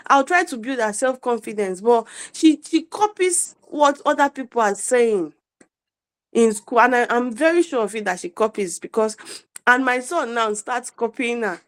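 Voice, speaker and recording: A woman's voice: on the high side, moderate pace, low-quality recording. Mother telling a long story. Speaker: mother asking a question. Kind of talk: casual question on a call.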